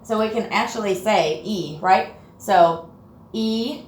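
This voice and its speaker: A woman teacher running a reading lesson, encouraging and sounding words out slowly. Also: mid-range voice. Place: classroom. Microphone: far camera. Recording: echoey room from far off.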